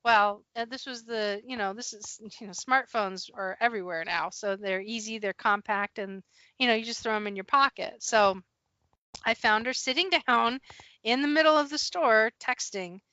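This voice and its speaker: Bright, animated woman podcast host. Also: fairly high pitch, normal speed, no echo. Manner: animated, laughs often, acts out quotes. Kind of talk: casual storytelling chat. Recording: dull, dry, slightly lo-fi podcast audio.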